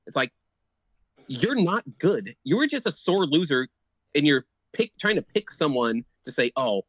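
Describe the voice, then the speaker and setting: A man's voice: on the high side, very animated, a little slow, fairly bright tone, dry recording. A man co-hosting a sports podcast, building his argument point by point with a loose, casual delivery. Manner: argumentative, laying out points with many "like" fillers. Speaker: podcast co-host.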